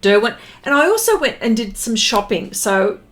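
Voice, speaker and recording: A woman's voice: on the high side, big pitch swings, normal speed. A middle-aged Australian woman hosting an art livestream, chatty and a bit flustered as she greets viewers by name. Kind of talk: casual live-stream chat.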